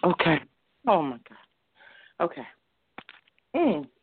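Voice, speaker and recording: A woman from Baltimore calling into a show, overwhelmed and excited, rambling and near tears. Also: on the low side, slow pace, slight background noise. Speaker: caller. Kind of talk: call-in conversation. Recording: dry, tinny phone line.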